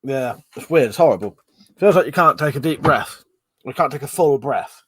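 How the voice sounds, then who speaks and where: A man's voice: medium pitch, animated, normal speed, breathy edge. A man hosting a casual live stream, reading out chat comments, rambling and swearing, short of breath and yawning. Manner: chatty, swearing, reads chat aloud and rambles.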